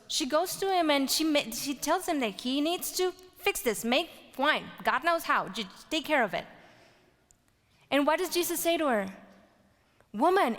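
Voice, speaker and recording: High-voiced woman preaching in a reverberant hall. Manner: animated storytelling, rising to loud exclaims and dropping to whispers. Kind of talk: sermon.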